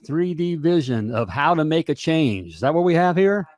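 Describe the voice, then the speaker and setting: A middle-aged man hosting a live talk show, energetic and repetitive, tossing in "all right?" and "hey" between lines. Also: fairly high pitch, moderate pace, no echo.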